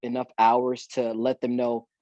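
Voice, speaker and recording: A man's voice: medium pitch, a little slow, dry recording, dull audio. A man, a guest actor, chatting casually on a podcast and acting out quotes as he tells stories. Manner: animated storyteller, acts out quotes.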